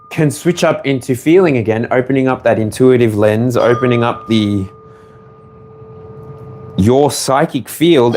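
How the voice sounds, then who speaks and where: Playful Australian man, lively pitch. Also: a little hiss or hum. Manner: rambling, playful, breaks into humming and laughter. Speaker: tarot reader. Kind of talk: live collective tarot reading.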